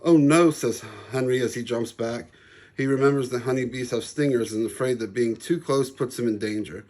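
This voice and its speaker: Man reading a children's story calmly. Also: medium pitch, a little fast. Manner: calm, even storytelling. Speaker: author reading his book. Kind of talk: children's story read-aloud.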